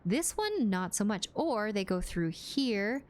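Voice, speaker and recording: A woman's voice: medium pitch, big pitch swings, slow pace, darkish tone. A woman streaming a game live, chatting playfully with her viewers and laughing often. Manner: playful, giggly, talks to chat while playing. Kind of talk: casual live-stream gaming chat.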